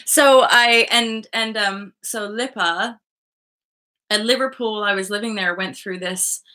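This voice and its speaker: A woman hosting a spiritual livestream in a loose, casual chat with her viewers. Her voice is bright and forward, sitting at an ordinary middle height. She rambles through stories and keeps leaping up into high, excited asides. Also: measured pace.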